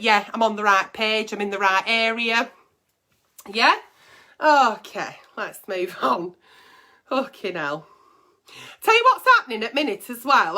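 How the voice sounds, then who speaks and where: A woman's voice: fairly high pitch, sharp tone. A middle-aged woman hosting a casual advice chat, reading listener letters and answering them bluntly with plenty of swearing.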